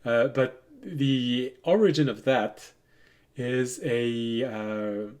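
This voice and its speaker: A man running a tabletop game as game master, relaxed and digressive, laughing often as he tells stories. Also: medium pitch, extremely slow.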